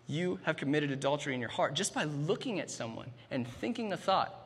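A man's voice: a little high, expressive, fairly quick, fairly bright tone, slightly rough, big-room sound. A man in his thirties preaching a sermon, emphatic, often starting lines with "man" and restarting phrases. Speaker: pastor.

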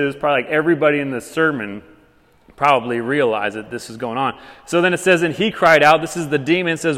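Pastor, male, chatty conversational preacher, slightly high pitch, church hall echo. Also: fast talker, a bit bright. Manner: casual, conversational preaching with many fillers. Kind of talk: sermon. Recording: long reverb of a church hall.

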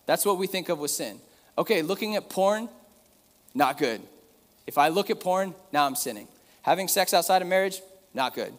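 Man, pastor, slightly high voice, chatty sermon, joking asides, long hall reverb. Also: lively intonation, moderate pace.

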